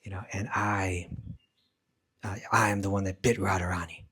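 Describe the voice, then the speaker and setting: A man voicing a snake spirit in a slow, breathy whispered role-play during a spoken lesson. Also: low voice, little pitch movement, sharp tone, full character voice. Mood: eerie.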